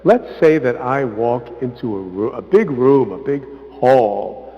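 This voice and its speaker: A man's voice: medium pitch, unhurried. Visiting priest, man, casual teaching voice, brings quotes to life, echoey hall with muffled sound. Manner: conversational, often tags "right?"; acts out quotes with lively emphasis. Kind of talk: informal parish talk. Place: church hall.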